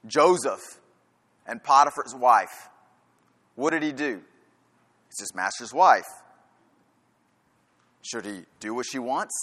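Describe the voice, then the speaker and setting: A man's voice: mid-range voice, expressive, slow pace, pauses often, bright, forceful tone. A man preaching a sermon in a church, firing rhetorical questions and hammering his points home through repetition. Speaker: pastor. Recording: long reverb of a large hall.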